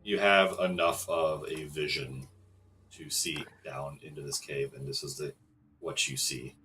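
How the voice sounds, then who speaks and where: A man narrating a tabletop game as game master, relaxed and hesitant with many fillers. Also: extremely low pitch, unhurried, soft background music, poor audio.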